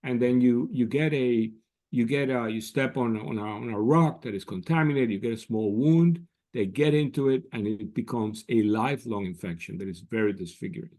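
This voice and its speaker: A man answering interview questions as an expert guest, in a measured, explanatory way with frequent restarts. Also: medium pitch, darkish tone. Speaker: guest scientist.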